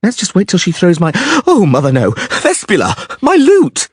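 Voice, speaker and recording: A man voicing a vain, flamboyant young troubadour who talks excitably and theatrically, pitched well above his own voice. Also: normal speed, breathy edge, dry recording, clean studio sound, full character voice.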